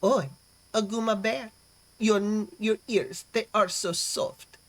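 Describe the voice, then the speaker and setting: A woman putting on an exaggerated, snooty French accent, speaking slowly and breathily. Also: medium pitch, steady tone, no echo. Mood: sultry.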